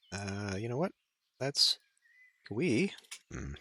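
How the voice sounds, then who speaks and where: A man's voice: lowish voice, very animated, slow, pushed and bright. Man casually narrating a game. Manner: chatty, thinking aloud, mild swearing. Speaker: let's play host. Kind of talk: casual gameplay commentary.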